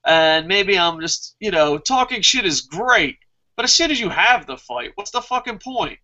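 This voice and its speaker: A man with a high, bright voice hosts a casual wrestling review and answers viewer comments. He gets heated and swears freely as he rants. The recording is muffled and lo-fi. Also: expressive, moderate pace. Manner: heated, profane ranting.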